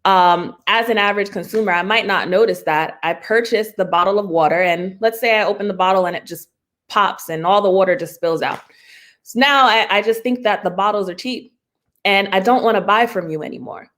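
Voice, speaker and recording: A woman's voice: medium pitch, brisk, fairly bright tone. Woman IP lawyer, conversational teaching talk, plain everyday examples, frequent laughs, video-call mic. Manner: laughs often, many fillers and restarts. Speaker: intellectual property lawyer. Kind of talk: conversational continuing-education talk.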